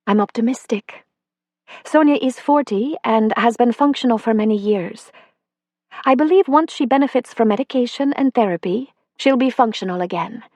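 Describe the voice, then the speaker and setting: A woman reading aloud, voicing a calm, kind female doctor with a slight accent who speaks in a gentle, measured, reassuring way. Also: on the high side, dry recording, pitched above the performer's own voice, natural voice.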